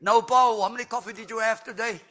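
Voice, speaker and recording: A woman's voice: on the high side, fairly even intonation, fast talker, fairly bright tone, voice pushed up. An older man voicing a woman who scolds him about how much coffee he drinks. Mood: scolding. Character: nagging woman who counts his coffee.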